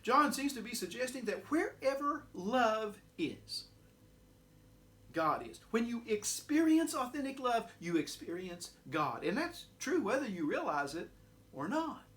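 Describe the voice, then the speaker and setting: A man preaching a sermon, building through rhetorical questions and then dropping to a quiet close. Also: very high-pitched, big pitch swings, measured pace. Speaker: pastor.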